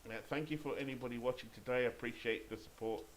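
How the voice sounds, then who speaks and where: A British man in the middle of his vocal range calls a baseball sim game play by play. He chats and thinks aloud between pitches and corrects himself as he goes. A faint hiss sits under his voice. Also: fairly even intonation, quick pace, low-quality recording. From Great Britain. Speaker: gamer and play-by-play caller.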